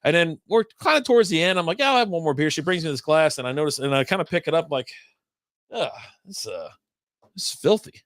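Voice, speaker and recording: A man's voice: a little high, very fast, few pauses, fairly bright tone, no room sound, clean studio sound. A middle-aged man co-hosting a casual beer chat, rambling and profane, telling stories and acting out what he said, laughing often. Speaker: co-host of a beer talk stream.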